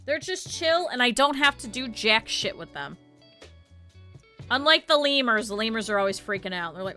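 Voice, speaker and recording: Streamer lady ranking stuff, bright voice, kinda high, cussing a lot, soft guitar music behind. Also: normal speed. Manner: blunt, swears freely, animated quoted asides. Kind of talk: casual chat to a live chat.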